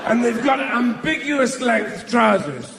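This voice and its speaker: A man's voice: very high voice, expressive, takes it slowly, vocal fry, crowd noise, background noise. A middle-aged man performing stand-up on a theatre stage, rambling and mock-indignant. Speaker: stand-up comedian. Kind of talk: stand-up routine. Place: large theatre stage before a live audience. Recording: echoey hall with audience laughter.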